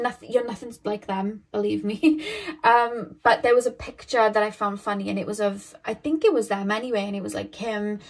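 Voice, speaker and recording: A young woman giving a casual, rambling tarot reading to camera, laughing often and acting out little quoted voices. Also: medium pitch. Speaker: tarot reader.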